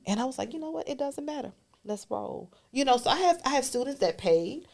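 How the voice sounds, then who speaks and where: A woman's voice: sits high, lively intonation, a little fast, creaky, darkish tone. A woman guest on a podcast, telling her story earnestly and emotionally, dropping to a whisper at key moments.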